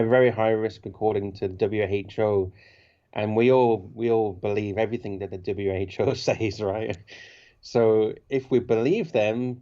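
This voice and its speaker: A man calls in over a muffled, lo-fi line. His voice is dark and mellow, with a middle pitch. He chatters casually, chuckling often, and stumbles over repeated words before tagging his points with a questioning "right?". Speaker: caller. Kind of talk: casual call-in chat.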